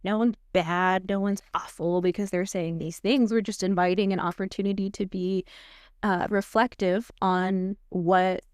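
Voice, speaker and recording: Woman, smooth clear voice, counselor, asks guiding questions, dry close mic. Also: medium pitch, fairly even intonation, a little slow, no echo. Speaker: counselor and co-host. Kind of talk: conversational podcast discussion.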